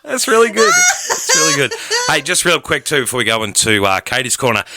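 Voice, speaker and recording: A young Australian man hosting a boisterous breakfast radio show, loud and playful, laughing often. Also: fairly low pitch, wildly swooping pitch, a little fast, dry recording, clean studio sound. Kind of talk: boisterous morning radio banter. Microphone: studio microphone.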